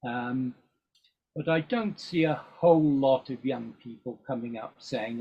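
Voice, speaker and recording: Older man, husky, rambling with ums, muffled lo-fi sound. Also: mid-range voice, a little slow. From England. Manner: rambling, with frequent ums and restarts. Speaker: guest musician. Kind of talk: casual interview chat. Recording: dull lo-fi recording.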